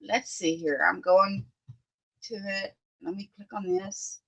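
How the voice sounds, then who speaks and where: Lady crafting at her desk on a live stream, slow and chatty, dry close sound. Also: mid-range voice, fairly even intonation, gravelly, fairly bright tone, breathy edge, no room sound. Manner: chatty, greets viewers by name, thinks aloud. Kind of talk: casual live-stream chat while crafting. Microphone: phone.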